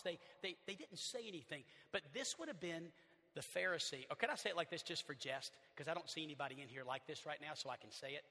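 A male pastor with a Southern accent preaching a sermon in a church, animated, swinging from loud to hushed. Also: on the high side, brisk. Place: church sanctuary. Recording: long church reverb.

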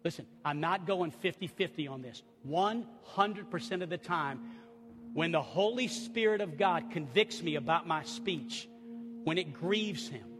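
A pastor preaching a sermon and leading a closing prayer, moving from hushed, intimate lines to rising, impassioned outbursts. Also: male voice, fairly high pitch, expressive, unhurried. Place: church sanctuary. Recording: echoey hall with music behind. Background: soft music underneath.

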